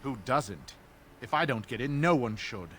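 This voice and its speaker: An actor playing an indignant human noble who speaks in a haughty, outraged way. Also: male voice, mid-range voice, animated, moderate pace, fairly bright tone, a little hiss or hum, lightly acted.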